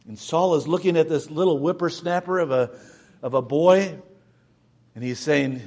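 A male preacher telling a Bible story in a sermon, with dramatic storytelling and big swings in loudness. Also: sits high, lively intonation, normal speed.

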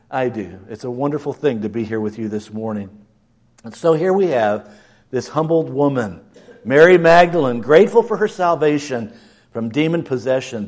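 High-voiced man preaching a sermon. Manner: dynamic preaching, swinging from hushed to loud. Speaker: pastor.

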